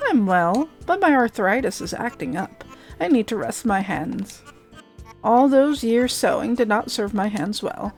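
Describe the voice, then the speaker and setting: A woman reading the lines of an elderly woman tailor with aching hands, in her own plain voice, calm and reminiscing. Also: a little high, unhurried, faint music behind. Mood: wistful.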